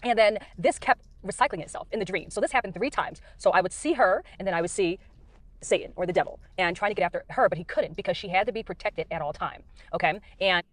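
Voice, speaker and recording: A woman's voice: medium pitch, fast, a bit bright. A middle-aged woman from the United States, recording in her car, earnestly telling about her dreams in a rambling way with many fillers. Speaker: Christian speaker sharing dreams. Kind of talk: casual testimony.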